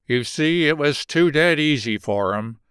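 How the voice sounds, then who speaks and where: A man reading the part of a boastful, blunt boxing manager, dropping his voice lower for him. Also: expressive, a little slow, a bit bright, smooth, no echo, studio quality.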